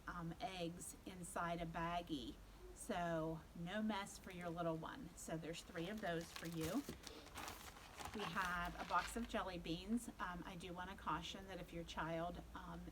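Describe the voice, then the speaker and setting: A woman children's librarian leading a virtual storytime, talking slowly and simply to little ones. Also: lowish voice, background noise. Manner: speaks slowly and simply to young children, coaxing.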